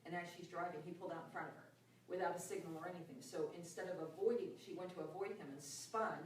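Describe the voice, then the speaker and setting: Middle-aged woman, lively group storyteller, laughs often, recorded far off in a very echoey room. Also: on the low side, quick pace, slight background noise. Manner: animated, laughs often, acts out voices in her story. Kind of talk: personal storytelling in a group talk.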